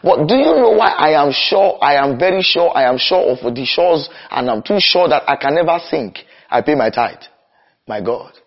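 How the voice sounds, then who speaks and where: Young guy preaching hard, slows way down then rushes, kinda muffled lo-fi sound. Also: a little high, animated. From Nigeria. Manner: impassioned, swings between slow emphatic cries and rapid runs. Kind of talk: sermon. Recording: dull lo-fi recording.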